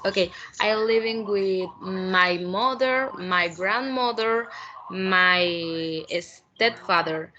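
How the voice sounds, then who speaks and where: Nervous young woman, slow English. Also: medium pitch, bright, forceful tone, highs cut off. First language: Spanish. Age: 20s. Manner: nervous, halting, laughs often. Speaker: language student. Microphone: video call.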